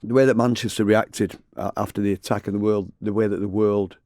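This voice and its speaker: Middle-aged male radio presenter, quick-talking and slightly low-voiced, upbeat and quick to laugh, close studio mic. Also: steady tone, darkish tone, dry recording. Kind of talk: radio interview. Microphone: studio microphone.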